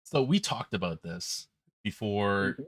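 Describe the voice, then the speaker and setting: A man's voice: on the low side, expressive, slow pace, fairly bright tone, no room sound, clean studio sound. A man hosting a podcast, talking casually and bluntly with frequent ums. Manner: blunt, candid, with filler ums. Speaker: podcast host.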